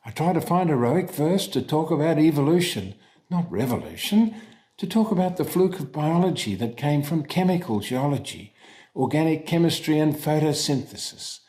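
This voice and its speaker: A man with an Australian accent reading his own poem in a lively, sing-song delivery. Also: fairly high pitch. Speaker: poet. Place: at home.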